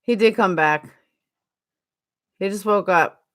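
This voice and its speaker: A woman's voice: medium pitch, takes it slowly, fairly bright tone. A woman with a New York accent chatting casually on a live stream, answering viewers by name.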